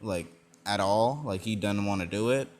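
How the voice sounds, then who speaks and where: A man's voice: lowish voice, moderate pace, a little hiss or hum. A young man casually narrating a fan-made story, rambling with many fillers and self-corrections.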